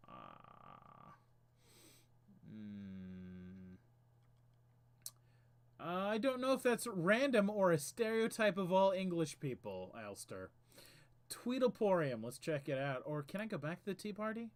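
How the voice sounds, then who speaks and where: A man hosting a casual game stream, chatting and reading the game's text aloud with the odd stumble. His voice sits high for a man and swings widely in pitch. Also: huge pitch swings, slow pace, pauses often. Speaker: streamer host.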